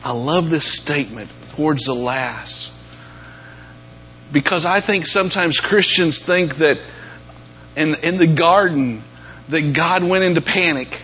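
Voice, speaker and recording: A man preaching a sermon, dropping to near-whispers and then rising to loud, emphatic peaks. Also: on the high side, a little slow, slightly rough. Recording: dull lo-fi sound with faint mains hum.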